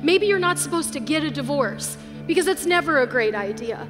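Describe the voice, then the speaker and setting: A woman's voice: sits high, lively intonation, brisk. A woman pastor giving an earnest, emotional sermon to a live audience. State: tearful at times. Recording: live hall with long reverb, faint music.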